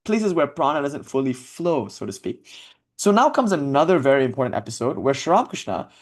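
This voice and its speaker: A man gives a reflective spiritual talk at an ordinary mid-range pitch. He speaks conversationally and thinks aloud, often questioning his own points. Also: sing-song, fairly quick. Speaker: spiritual teacher.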